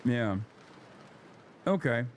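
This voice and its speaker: A man hosting a casual livestream, reacting with sarcastic, deadpan asides. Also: medium pitch, extremely slow, slight background noise. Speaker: streamer host.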